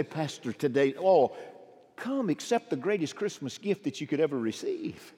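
A middle-aged male pastor preaching a sermon, swinging from emphatic calls to quiet, low asides. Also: very animated, normal speed, slightly rough. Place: large church sanctuary. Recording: long hall reverb.

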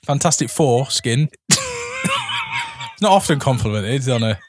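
A man's voice: mid-range voice, a little slow, slight background noise. A man co-hosting a podcast, trading film puns in a casual, laughing chat. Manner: joking, pun-making, laughs often. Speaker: podcast co-host.

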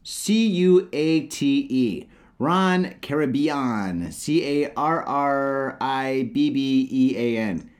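A man co-hosting a casual drinking podcast, telling stories in an animated, profane way. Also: medium pitch, slow. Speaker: podcast co-host. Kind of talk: casual boozy podcast chat.

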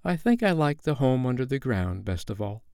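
A man's voice: medium pitch, sing-song, normal speed, creaky, darkish tone, smooth, no echo, clean studio sound, pitched above the performer's own voice. A man voicing an earnest, grave little girl in a storybook reading.

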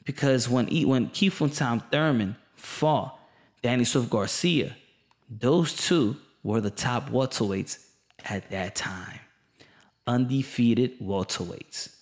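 Male commentator, mid pitch, heated opinion monologue, slangy and emphatic. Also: takes it slowly. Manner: passionate, emphatic, repeats points, casual slang. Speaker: boxing commentator.

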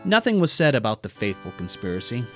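A man tells a personal story with dry, wry humor, his voice sitting at an ordinary middle pitch. Faint guitar music runs quietly beneath his narration. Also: huge pitch swings, fast. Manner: wry, self-deprecating storytelling with character voices.

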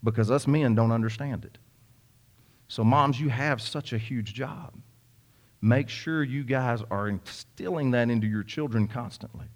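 A man's voice: mid-range voice, measured pace. A young man preaching a sermon, telling a folksy story with many repeats and asides to the congregation. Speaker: pastor.

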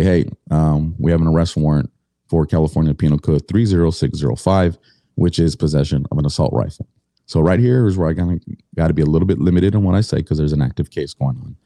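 A man's voice: rumbling low, dark tone, no echo, clean studio sound. A middle-aged man telling his story as a podcast guest, blunt and indignant, swearing freely.

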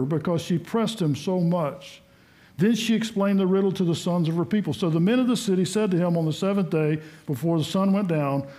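Guy preaching a sermon, high-ish voice, chatty and folksy, reads scripture then riffs on it. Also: dark tone. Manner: folksy, conversational, acts out quotes.

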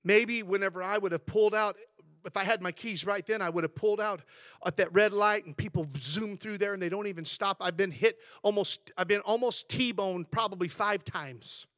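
A man pastor giving a sermon, telling stories in a chatty, animated, humorous way. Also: sits high, normal speed, no room sound, clean studio sound.

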